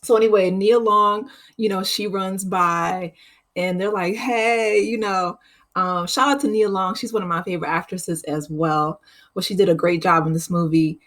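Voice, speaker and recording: A woman's voice: lowish voice, steady tone, normal speed, a bit bright. A woman hosting her channel, chatting casually through a movie recap and laughing often. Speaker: channel host.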